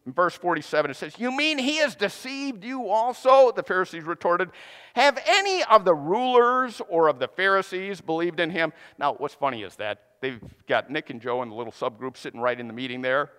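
Animated male preacher in a reverberant hall. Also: on the high side, brisk, smooth. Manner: conversational storytelling with playful voiced asides. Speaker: pastor. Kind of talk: sermon.

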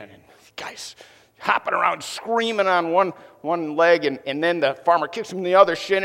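A man with a somewhat high voice preaches to his church, telling stories with energy and stumbling over a repeated word now and then. His voice carries a long reverb from a large sanctuary. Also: creaky. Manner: lively storytelling, repeats words when excited. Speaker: pastor. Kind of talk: sermon with a joke opener.

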